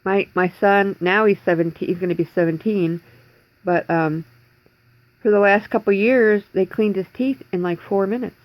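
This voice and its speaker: A woman's voice: medium pitch, steady tone, normal speed, no room sound, muffled recording. A woman in her forties talking in a rambling, distressed way in a personal video diary from home, holding back tears. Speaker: vlogger.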